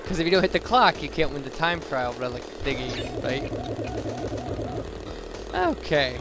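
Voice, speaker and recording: A man's voice: mid-range voice, a little slow, heavy background noise. A young man giving casual, rambling let's play commentary, chatty and self-deprecating with lots of fillers. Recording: game music playing behind.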